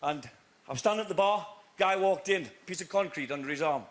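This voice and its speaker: A man's voice: a little high, fairly quick. A man doing a corny stand-up act as a game show contestant, telling gag after gag before a live studio audience. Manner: corny joke-telling with shouted punchlines.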